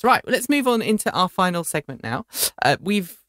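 A woman's voice: mid-range voice, sing-song, normal speed, a bit bright, no echo. Chatty woman podcast host, dry sound. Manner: chatty, restarts phrases often. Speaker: show host. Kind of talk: casual podcast chat.

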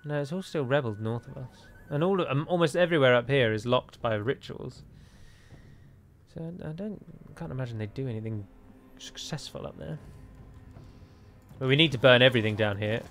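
A man with an English accent gives casual let's-play commentary on a strategy game, full of chatty, wry digressions. His voice is medium-pitched, a bit bright, and paced at a normal speed.

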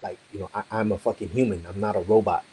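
A police officer talking casually in blunt, profane street slang, rambling with lots of "you know". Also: male voice, on the low side, steady tone, fast, dark tone, a little hiss or hum, poor audio. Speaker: police officer, coaching client. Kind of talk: casual conversation on a call.

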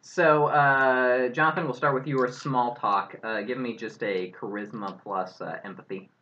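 A man's voice: medium pitch, steady tone, a little slow, sharp tone. A man running a tabletop role-playing game as game master, laid-back and chuckling. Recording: muffled lo-fi recording.

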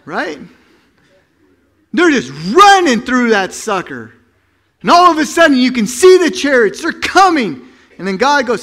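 A man pastor preaching a sermon, telling the story with acted-out voices and sound effects, swinging between loud bursts and hushed tones. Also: very high voice, big pitch swings, a little slow, long pauses.

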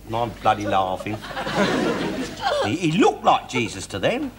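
An actor playing a loud, bigoted, blustering middle-aged father, ranting and sneering in an old TV sitcom. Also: fairly low pitch, wildly swooping pitch, a little slow. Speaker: sitcom character. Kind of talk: 1960s TV sitcom acting. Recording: hissy old TV recording.

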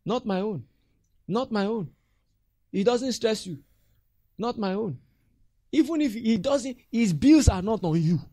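A man's voice: sits high, unhurried, long pauses, breathy edge, dry recording. A Nigerian man preaching a sermon as pastor, acting out church members' voices as he talks. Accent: Nigerian English. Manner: animated, acts out church members' voices with laughter.

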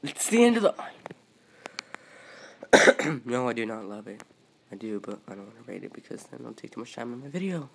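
A man commenting on his own gameplay as he plays, excitable, yelping at other players one moment and muttering to himself the next. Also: medium pitch, a little fast, creaky, pauses often, a little hiss or hum, rough recording. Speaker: gaming video creator.

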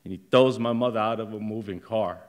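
Telling a personal story live on a theater stage, a middle-aged man speaks slowly and haltingly, now and then flaring up, in a voice on the low side.

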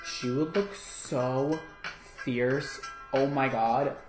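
A man who works as a hairdresser, chatting and reacting to videos in an animated, gushing way. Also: medium pitch. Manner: animated and gushing, quick laughs. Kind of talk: casual reaction commentary. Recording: echoey room with music underneath.

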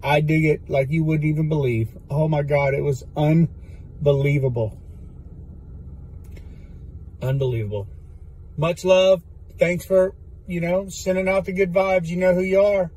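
Husky high-voiced emotional man. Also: flat delivery, moderate pace, darkish tone, rough recording. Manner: effusive and emotional. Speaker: golf caddie. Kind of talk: casual video message to fans.

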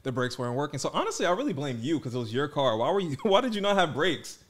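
A young man co-hosting a casual podcast, an animated, playful storyteller who gets defensive when teased. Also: fairly high pitch, fast. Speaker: podcast co-host. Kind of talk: casual chat.

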